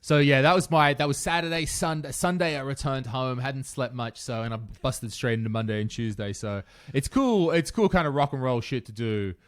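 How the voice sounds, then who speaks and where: A man co-hosting a podcast, telling lively stories in a casual chat and swearing freely. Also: medium pitch, moderate pace, few pauses. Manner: animated storyteller, swears casually. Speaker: podcast co-host.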